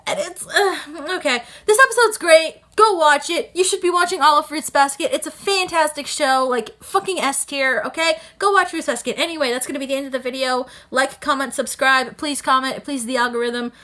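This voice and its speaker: A woman recapping an anime episode in a casual vlog, excitable, swearing freely and exclaiming loudly. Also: high voice, brisk, few pauses. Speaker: anime reviewer.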